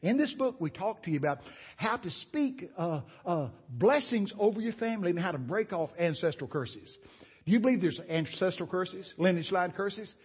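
A man's voice: high-pitched, moderate pace, husky, big-room sound. A man preaching a sermon as a guest speaker, folksy and exclamatory, telling stories to a congregation. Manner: folksy, exclamatory, animated storytelling. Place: church sanctuary. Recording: dull lo-fi church recording.

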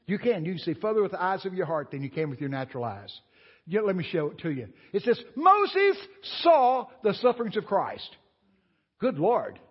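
A man's voice: on the high side, fast talker, husky, long reverb tail. A man preaching a sermon as a guest speaker, folksy and exclamatory, telling stories to a congregation. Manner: folksy, exclamatory, animated storytelling. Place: church sanctuary. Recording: dull lo-fi church recording.

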